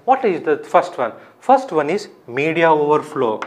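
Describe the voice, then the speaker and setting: A man's voice: fairly high pitch, big pitch swings, moderate pace, a little hiss or hum. Lecturing man, step-by-step explanations. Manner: explains step by step, repeats terms, asks and answers his own questions. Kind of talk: recorded classroom lecture.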